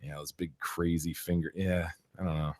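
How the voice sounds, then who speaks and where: A man co-hosting a podcast, trading quick jokes and comebacks in casual banter. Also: sits low, little pitch movement, darkish tone, dry recording, studio quality. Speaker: podcast co-host.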